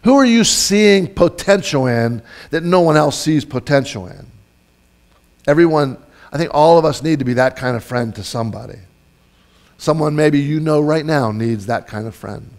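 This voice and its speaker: A man's voice: fairly high pitch, lively intonation, moderate pace, a little mellow. A man giving a sermon as a pastor in a church, telling stories in a loose, conversational way with many restarts. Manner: storytelling, conversational, with frequent fillers and restarts.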